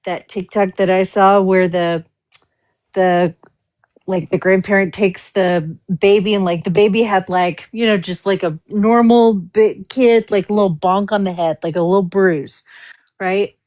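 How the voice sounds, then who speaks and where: A woman in casual conversation with a mid-range voice, rambling through her anecdotes with plenty of "like" fillers. Her delivery is loose and relaxed. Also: medium pitch, a little slow. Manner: rambling, heavy use of "like". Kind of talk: casual chat.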